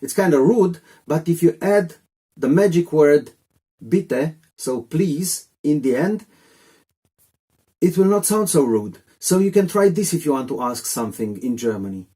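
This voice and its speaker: A man's voice: fairly high pitch, lively intonation, unhurried, mellow, breathy edge. A man teaching a casual video lesson in a chatty, rambling way with jokey asides. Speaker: language teacher.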